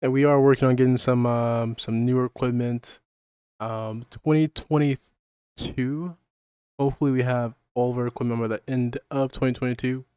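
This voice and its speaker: A man's voice: medium pitch, steady tone, moderate pace, warm tone, clear, resonant tone, no echo. A man hosting a podcast stream, rambling casually and muttering to himself while he sets things up. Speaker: podcast host. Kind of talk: casual livestream chat.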